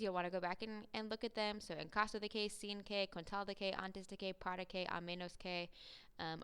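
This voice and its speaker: A woman walks through a grammar lesson in a clear, methodical way. Her voice is bright and lively in tone, and every word comes out very crisp and clean. She slows right down to drill each form. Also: medium pitch. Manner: clear, methodical explaining with slow drilled Spanish words. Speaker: Spanish teacher.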